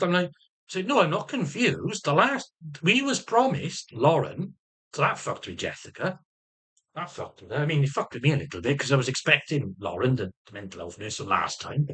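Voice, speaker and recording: A man's voice: a little high, sing-song, a little fast, sharp tone, husky. A middle-aged man ranting in a casual monologue, swearing heavily, restarting and repeating phrases as he goes, and sometimes mimicking other people's voices. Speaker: vlogger.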